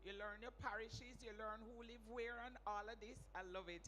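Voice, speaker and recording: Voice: mid-range voice, steady tone, normal speed, pushed and bright. A telethon host, presenting live, reading out pledge numbers and urging viewers to give. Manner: upbeat, reads pledge numbers and appeals to give. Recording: reverberant hall with faint hum.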